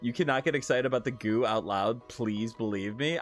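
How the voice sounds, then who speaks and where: A man's voice: medium pitch, moderate pace, few pauses, faint music behind. A man live-streaming casual chat, reading viewer questions aloud with giggly, profane banter.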